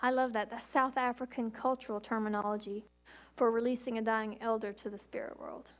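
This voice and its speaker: A woman in her forties, an emergency physician, giving an emphatic public talk with slow, deliberate pauses. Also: a little high, little pitch movement.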